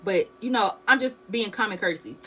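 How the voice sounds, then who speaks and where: A woman's voice: medium pitch, expressive, fairly quick, sharp tone, rough recording. A young woman vlogger, animatedly telling a story to her viewers and calling them "y'all". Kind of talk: storytime vlog.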